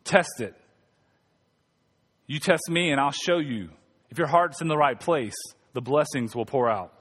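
A male pastor voicing God in an earnest, inviting tone, a little lower than his usual preaching. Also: measured pace, fairly bright tone, breathy edge, big-room sound. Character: God, a patient and challenging divine voice.

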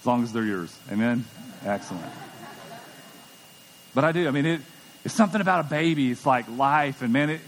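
A man's voice: mid-range voice, lively intonation, a little fast, long pauses, a little hiss or hum. A middle-aged man preaching a sermon as pastor, conversational and emphatic, often repeating words as he goes. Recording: long church hall reverb.

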